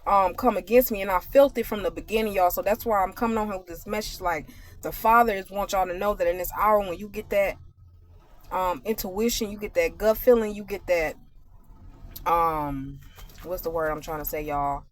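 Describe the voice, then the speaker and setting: A woman vlogger telling a casual, animated story to her viewers and turning it into a spiritual message. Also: medium pitch, moderate pace. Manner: animated, conversational, addresses viewers directly.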